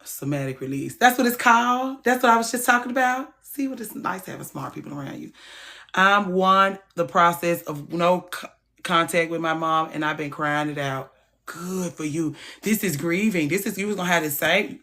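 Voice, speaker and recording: Woman, livestream host, casual chat, frank, soft to loud swings, lowish voice. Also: moderate pace.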